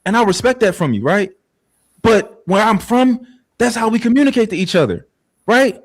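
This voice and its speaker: A man's voice: high voice, lively intonation, normal speed. A man arguing heatedly on a podcast panel, insistent and repeating himself to hold the floor.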